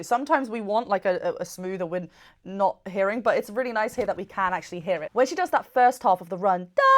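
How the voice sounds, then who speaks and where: Woman vocal coach, mid-pitched, eager reaction-video breakdown with quick sung examples. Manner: enthusiastic, explains technique, sings short demo notes.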